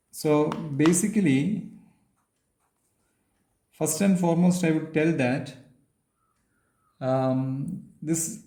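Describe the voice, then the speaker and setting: A man giving a physics lecture, pausing often with fillers and restating points as he writes. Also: fairly high pitch, mellow, roomy sound. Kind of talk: physics lecture while writing on a board.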